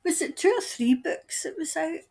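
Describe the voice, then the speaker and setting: A woman giving a tarot-style psychic reading, musing aloud in a halting way as she trails off and starts her sentences over. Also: very high-pitched, expressive, darkish tone. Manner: speaks of seeing and hearing things. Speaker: tarot reader. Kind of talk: intuitive psychic reading monologue.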